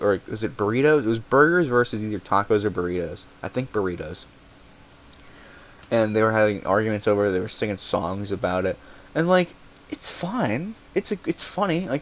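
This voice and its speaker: A young man hosting a podcast segment, talking casually and rambling, often correcting himself and swearing now and then. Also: fairly low pitch. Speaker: podcast host.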